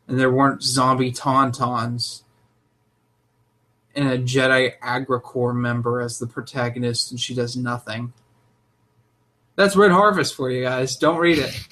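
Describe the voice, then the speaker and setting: A young man co-hosting a casual podcast, talking in an animated, opinionated way. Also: mid-range voice, unhurried, pauses often. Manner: animated, opinionated, jumps into loud mock voices. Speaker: podcast co-host.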